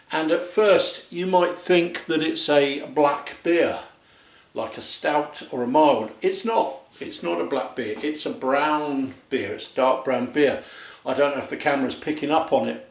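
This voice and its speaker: A man hosting a casual review vlog, talking to the camera in a chatty, jokey way. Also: a little high. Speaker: beer reviewer, channel host. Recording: echoey room.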